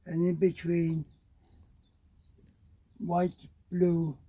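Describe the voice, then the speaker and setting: A man's voice: on the high side, monotone, very slow, mellow, breathy edge. A man in his nineties, an elderly gardener, chatting outdoors in a sunny garden and giving brief, plain instructions. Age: 90s. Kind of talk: casual chat.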